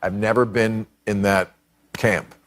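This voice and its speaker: A man's voice: on the low side, steady tone, takes it slowly. A man talking earnestly and reflectively as a comedian in an interview. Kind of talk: casual interview talk.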